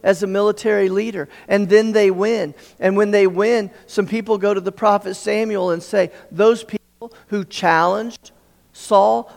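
A man's voice: high-pitched, creaky. A man preaching a sermon, retelling a story earnestly and often restarting his phrases. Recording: long hall reverb.

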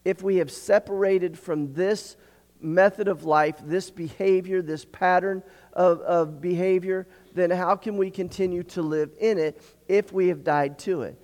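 A man's voice: high-pitched, fairly even intonation, measured pace, a little mellow. Earnest preacher man, long hall reverb. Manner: earnest, repeats words and often clears throat. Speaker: pastor. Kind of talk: sermon.

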